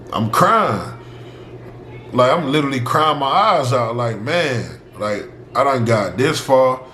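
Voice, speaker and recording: A man's voice: medium pitch, slow pace. Young guy telling his football story, acts out everybody, laughs a lot, roomy echo and a faint hum behind. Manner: animated, acts out both sides of the dialogue, laughs often. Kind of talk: casual storytelling to camera.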